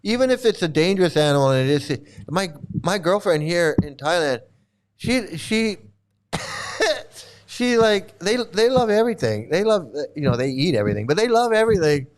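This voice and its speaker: Laughing, rambling man with smooth voice. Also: high-pitched, very animated, moderate pace. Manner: laughs often, profane, mimics others in quoted asides. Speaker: streamer answering chat. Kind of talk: casual rambling chat. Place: home in Thailand.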